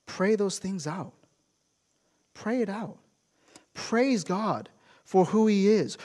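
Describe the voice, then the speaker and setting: Younger guy preaching, lively and emphatic, a bit higher voice, goes quiet sometimes. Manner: animated, emphatic, drops to soft asides. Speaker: pastor. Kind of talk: sermon.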